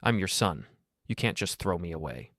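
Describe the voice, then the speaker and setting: A cornered young man, stammering and pleading, pitched a little higher than a deep male narrator's own voice, as that narrator puts him on. Dry, close sound. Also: sing-song, normal speed, fairly bright tone, no echo, heavily acted. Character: grown son, defensive then panicking.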